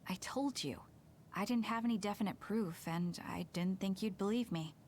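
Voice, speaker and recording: A woman's voice: medium pitch, darkish tone, slight background noise, natural voice. A woman voicing a hesitant young leader. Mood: uneasy. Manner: halting, apologetic. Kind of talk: video game voice acting. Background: game music.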